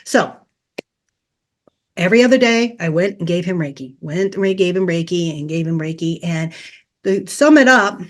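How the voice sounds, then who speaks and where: A middle-aged woman with a lowish voice, lively intonation, and a moderate pace appears as a guest on a podcast. A Reiki teacher, she earnestly tells a personal story and acts out past conversations as dialogue.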